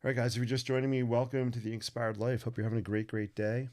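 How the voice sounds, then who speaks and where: A man's voice: medium pitch, flat delivery, fast talker, darkish tone. A man hosting a live drawing stream, chatting casually and playfully with viewers and making puns as he sketches.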